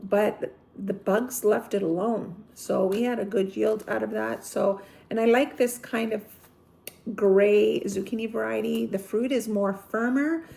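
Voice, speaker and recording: Gravelly-voiced chatty woman gardener. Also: medium pitch, steady tone, unhurried, dark tone. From Apulia, Italy. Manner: chatty, rambling, self-correcting with frequent ums. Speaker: gardening vlogger. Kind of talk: casual seed-haul show-and-tell.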